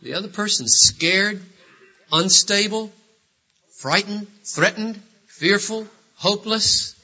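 A man preaching a sermon, emphatic and full of rhetorical questions, with sudden swings between loud and quiet. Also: high-pitched, husky. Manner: rhetorical questions, drawn-out phrases. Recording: dull lo-fi sermon recording.

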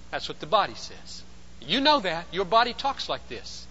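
Emphatic high-voiced male preacher. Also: sing-song, measured pace, lo-fi sound. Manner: emphatic, swings between loud and hushed. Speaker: pastor. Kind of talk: sermon.

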